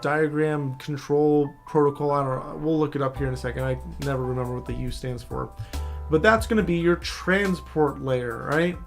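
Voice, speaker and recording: Man, instructor, screen-share tutorial, casual and loose, slightly high pitch, soft music behind. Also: steady tone, moderate pace, gravelly. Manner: casual, loose, talks to viewer directly with frequent "all right?". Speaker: cybersecurity instructor.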